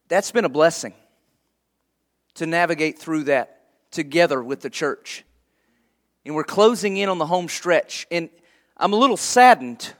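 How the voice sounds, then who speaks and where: A man preaching a sermon to his church in a conversational way, laughing lightly now and then. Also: fairly high pitch. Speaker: pastor.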